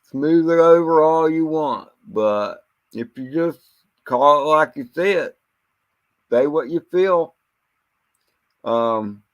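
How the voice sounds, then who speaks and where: Slow and expressive, with long pauses, this man's slightly high voice comes through with the high frequencies cut off. He hosts a livestream in a rambling, foul-mouthed, blunt way, often fumbling and repeating himself.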